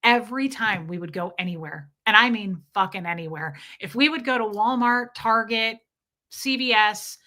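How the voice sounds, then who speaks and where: A woman in her thirties casually telling stories to her viewers, animated and candid, swearing now and then. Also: medium pitch, moderate pace. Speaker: vlogger.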